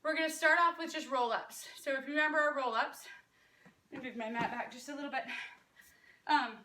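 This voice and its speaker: Breathless, bright woman fitness coach. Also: high-pitched, reverberant, distant mic. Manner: upbeat encouraging coaching cues. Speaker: fitness instructor. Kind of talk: live home workout coaching. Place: room at home.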